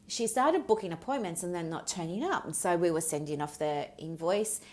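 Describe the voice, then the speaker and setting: A woman's voice: on the low side, animated, a little fast, darkish tone. A middle-aged woman hosting a solo podcast, telling a story from her practice in a candid, chatty way and drifting onto tangents. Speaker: podcast host and business mentor.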